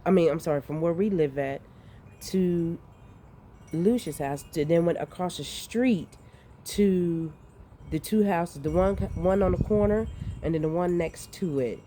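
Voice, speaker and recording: A woman, telling a dream in a rambling, profane, animated way. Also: lowish voice, measured pace, a little hiss or hum. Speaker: vlogger recounting a dream. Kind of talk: casual storytelling.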